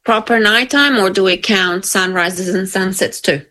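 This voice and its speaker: A woman's voice: medium pitch, moderate pace, bright, forceful tone. A woman co-hosting a casual science chat, chatty, adding playful interjections. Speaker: podcast co-host.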